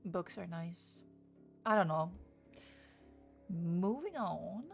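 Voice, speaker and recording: A young woman with a gravelly, fry-laden voice runs a laid-back book stream. She chats loosely and curses often, and faint music plays underneath. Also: lowish voice, drawn-out words. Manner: chatty, swears freely, greets chat excitedly. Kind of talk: casual livestream chat.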